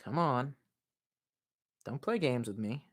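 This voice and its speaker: A man's voice: mid-range voice, animated, slow pace, no echo, studio quality. A man in his thirties chatting casually on a live stream, reading viewer comments and rambling with lots of swearing and self-mockery. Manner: profane, rambling, self-mocking.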